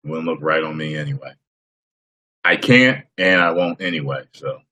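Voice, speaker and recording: A man with a very low voice talks loosely to his live-stream chat. He answers viewers by name and breaks into laughter now and then, recorded on a simple webcam mic. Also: moderate pace, sharp tone.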